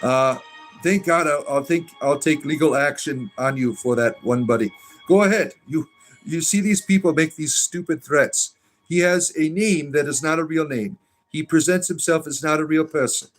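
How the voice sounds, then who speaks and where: Faint music plays under a Southern-accented man whose slightly high voice moves at a moderate pace as he hosts a livestream. He reads viewers' comments in a meandering, halting way full of restarts, firing back sarcastic, defiant answers.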